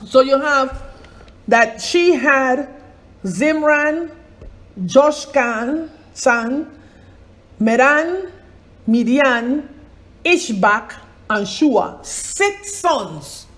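High-voiced woman teaching scripture slowly. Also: lively intonation, fairly bright tone. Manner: digressive, asks rhetorical questions, spells out names. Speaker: Bible teacher. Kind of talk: informal Bible teaching.

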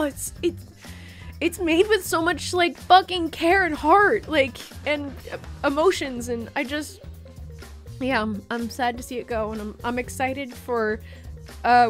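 A woman co-hosting a game playthrough, rambling and gushing in casual chat with the odd swear word. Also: on the high side. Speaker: co-host of a gaming channel. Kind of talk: casual let's play chat.

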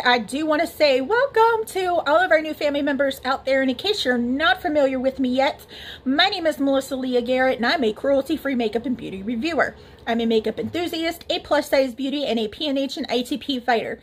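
Chatty high-voiced woman reviewing makeup. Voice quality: speaking with a swollen cheek. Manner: chatty, laughs often. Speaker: beauty reviewer. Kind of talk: casual makeup review vlog.

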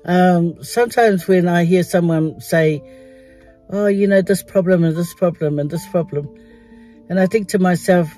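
A woman's voice: lowish voice, moderate pace, warm tone, soft background music, poor audio. An older woman chatting casually to her vlog while sitting in a car, laughing often and dropping words into her English. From Samoa. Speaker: vlogger.

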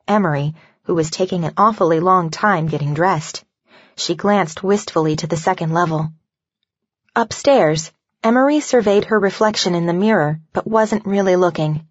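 A woman narrating an audiobook in an even, measured reading. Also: on the low side, dry recording, dull audio. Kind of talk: scripted narration.

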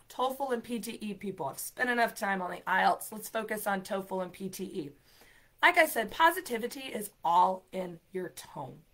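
A woman's voice: medium pitch, fairly bright tone. Upbeat chatty woman giving exam tips. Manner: upbeat, chatty, emphatic, filler-heavy. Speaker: ESL program coordinator and show host. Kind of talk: live-streamed exam tips talk.

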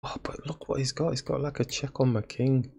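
A man's voice: medium pitch, fairly even intonation, a little fast, gravelly, a little mellow, husky. A man giving casual commentary on his own chess game, laughing at his own blunders. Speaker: chess streamer.

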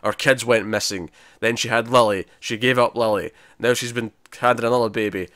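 On a podcast, a male co-host recaps a drama episode in a casual TV-review style, chatting and rambling while acting out quotes. His mid-range voice is fairly even in intonation, a bit bright, and a little fast, captured in a dry, clean studio recording.

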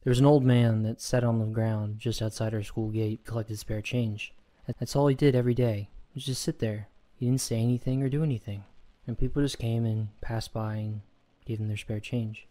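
A man narrating a first-person horror story in a steady, measured way. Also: lowish voice, faint music behind.

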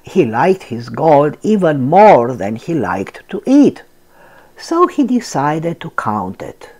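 Slow, very expressive grandma reading aloud. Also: female voice, low voice. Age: older. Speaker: storyteller, channel host. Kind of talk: children's read-aloud storytelling.

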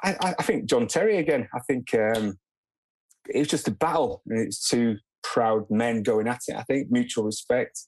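A man's voice: medium pitch, moderate pace, a little mellow, a little hiss or hum, poor audio. A man, a podcast guest talking easily and reflectively in short plain sentences. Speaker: guest, former footballer. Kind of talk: casual podcast chat.

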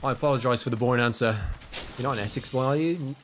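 Guy streaming a game, easygoing, kinda self-deprecating, middle pitch, slight hum behind. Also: fast. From West Midlands, England. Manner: casual and self-deprecating, reading chat between bursts of game reactions. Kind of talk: live gameplay stream, chatting with viewers.

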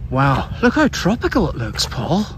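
A man's voice: fairly high pitch, huge pitch swings, moderate pace. Chatty man narrating a walk outdoors. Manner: chatty, pointing things out as he walks. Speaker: travel vlogger. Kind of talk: walking tour commentary. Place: outdoors, on a beach and vineyard paths. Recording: outdoor noise behind the voice.

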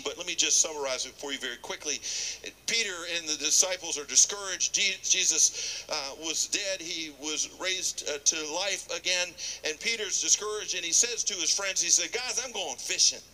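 A man preaching a sermon, animated, acting out scripture dialogue and dropping to a whisper at times. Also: fairly high pitch, a little hiss or hum, poor audio.

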